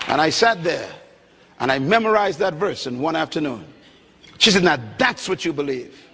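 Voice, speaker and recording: A middle-aged man preaching a sermon from the Bahamas, emphatic, swinging between loud and soft passages. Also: fairly high pitch, lively intonation, moderate pace, gravelly, slightly rough. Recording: long hall reverb.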